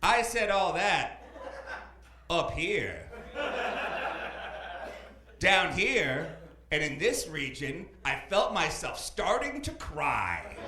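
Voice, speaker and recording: A young man performs stand-up at a club, his voice high and swinging widely in pitch. He rambles with deadpan asides and hesitant fillers into a stage mic. The room is echoey, with a live crowd all around. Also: very slow, pauses often, noisy background. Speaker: stand-up comedian. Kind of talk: stand-up comedy set.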